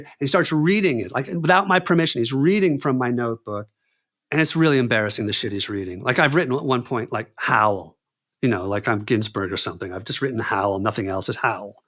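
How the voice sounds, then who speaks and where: A man telling a story as a podcast guest, acting out the people he quotes and talking casually with lots of "dude" and "man.". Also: medium pitch. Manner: animated, acts out quoted dialogue; says "dude" and "man" often.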